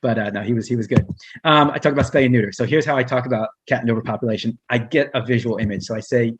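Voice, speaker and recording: A man's voice: medium pitch, rapid-fire, highs cut off, background noise. A man who works as a humane educator, giving a casual online presentation with slides, speaking conversationally with many restarts and fillers.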